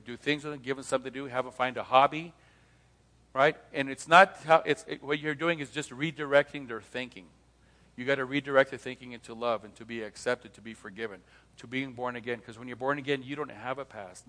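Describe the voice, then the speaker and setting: A man's voice: mid-range voice, steady tone, fairly quick, pushed and bright. A middle-aged man giving a live talk to an audience. He tells stories, acts out both sides of conversations and asks rhetorical questions. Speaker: speaker on leaving cults, former pastor. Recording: long hall reverb.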